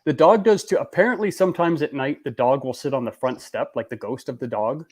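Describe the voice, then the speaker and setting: Man, live-stream host, casual rambling talk, medium pitch. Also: a little fast, darkish tone. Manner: chatty, rambling with fillers. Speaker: beer review host.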